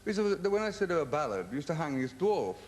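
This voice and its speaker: A man's voice: on the high side, fast, a little hiss or hum. Rambling, stammering English man telling stories. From England. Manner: rambling, stammering restarts, comic deadpan asides. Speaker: interview guest, rock singer. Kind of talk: anecdotal storytelling in a TV interview.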